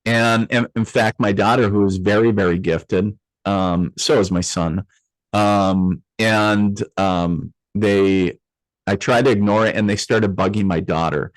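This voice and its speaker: A man with a lowish voice tells a personal story as an interview guest. He talks loosely, with fillers and restarts, and acts out the voices of the people he quotes. The sound is dry and close, with no room echo. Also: fairly even intonation, measured pace.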